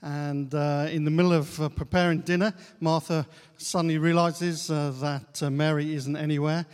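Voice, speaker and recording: A man's voice: a little high, level tone, clean tone. Man preaching in an echoing church. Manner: unhurried, with frequent "uh" pauses and repeated key phrases. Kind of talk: sermon. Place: church hall. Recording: long church-hall reverb.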